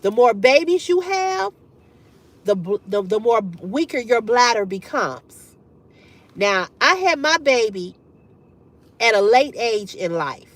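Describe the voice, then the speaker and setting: A middle-aged woman hosting a livestream, telling a story to her chat in a candid, profane, animated way and laughing often. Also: fairly high pitch, slow, pauses often. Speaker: livestream host. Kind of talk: casual storytelling to live chat.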